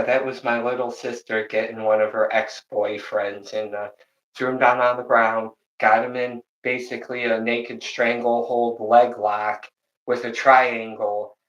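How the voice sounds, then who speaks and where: A man live-streaming a home workout, counting reps aloud and telling animated family stories in casual chat. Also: medium pitch, muffled recording. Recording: roomy echo.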